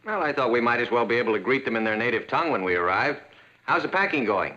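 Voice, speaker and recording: An easygoing family dad. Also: male voice, mid-range voice, lively intonation, fast, sharp tone. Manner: easygoing, reassuring. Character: cheerful middle-aged family father. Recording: dull lo-fi 1960s TV sound.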